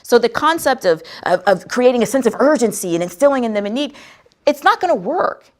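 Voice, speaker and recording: A woman's voice: fairly high pitch, brisk. A woman host telling a personal story in a conversational, emphatic way. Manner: animated, conversational, emphatic retelling. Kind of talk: storytelling talk on sales.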